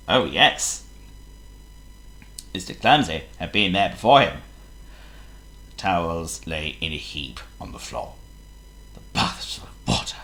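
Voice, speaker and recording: Lively, bright-toned male storyteller. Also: medium pitch. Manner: lively, expressive, theatrical. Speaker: narrator. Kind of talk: children's storybook reading.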